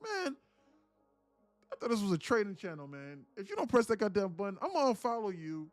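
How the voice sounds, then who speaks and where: A man's voice: high voice, sing-song, a little fast, no room sound, faint music behind, voice pushed up. A man voicing a broke, impatient young male viewer who swears and whines, demanding that the trades start. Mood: mocking. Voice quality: profane, whiny and mocking.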